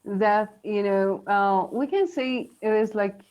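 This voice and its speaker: Slow-talking woman teaching pronunciation. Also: medium pitch, a little mellow, smooth, dull audio. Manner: chatty, encouraging, many fillers and laughs. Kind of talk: live online English lesson.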